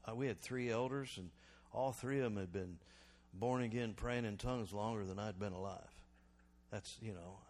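A man preaching a sermon as pastor, calling for responses from the congregation and swinging between loud exhortation and quiet reflection. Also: fairly low pitch.

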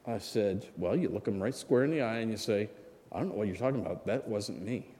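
A man in his sixties preaches in a mellow, low-pitched voice and tells a personal story as if chatting with his listeners. He keeps checking in with the congregation for an amen. His voice rings out with a long reverb, as in a church sanctuary. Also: fairly quick. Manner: conversational, asks the congregation for amens. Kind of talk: sermon storytelling.

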